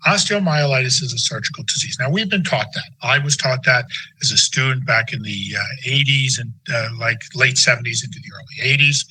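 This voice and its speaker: A man's voice: medium pitch, fairly quick, pushed and bright, a little hiss or hum, poor audio. A man in his sixties giving a conversational medical lecture with folksy, anecdotal asides. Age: 60s.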